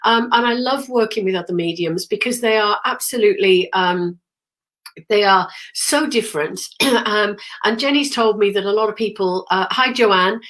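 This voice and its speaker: A middle-aged woman at an ordinary, middling pitch chats loosely on a live stream, trailing off into ums along the way. She has a cold and keeps pausing to clear her throat. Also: fairly bright tone. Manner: chatty and rambling, many ums and throat-clearing. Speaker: spiritual medium hosting a live stream. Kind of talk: casual live-stream chat.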